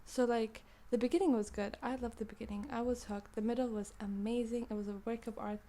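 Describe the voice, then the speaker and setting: A woman's voice: fairly high pitch, fairly even intonation, brisk, mellow. A young woman with a British-sounding accent reviewing books in a rambling, playful chat that keeps cutting itself off. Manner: rambling, self-interrupting, playful. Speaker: book reviewer. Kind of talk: casual chat.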